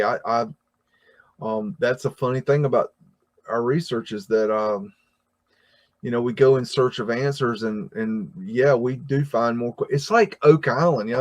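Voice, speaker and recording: Rambling, halting American man. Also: medium pitch, darkish tone. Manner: rambling, halting with many restarts and fillers. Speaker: livestream host reading chat. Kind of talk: casual livestream chat.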